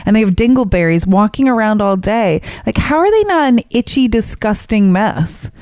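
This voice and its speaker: A woman's voice: medium pitch, sing-song, normal speed, a little mellow, no room sound. A woman co-hosting a podcast in casual chat, blunt and openly disgusted. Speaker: podcast co-host.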